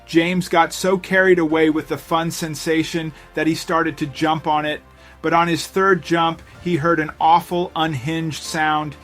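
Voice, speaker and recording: Male narrator, slightly higher pitch, dramatic scripted storytelling, soft music bed. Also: flat delivery, a little slow.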